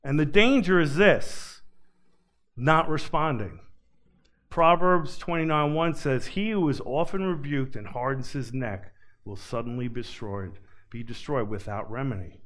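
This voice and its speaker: A male pastor preaching at an unhurried, deliberate pace. His voice sits at an ordinary pitch. He swings between forceful, raised warnings and soft, pleading lines. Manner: slow, earnest preaching, swinging from loud urgency to quiet pleading. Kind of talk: sermon.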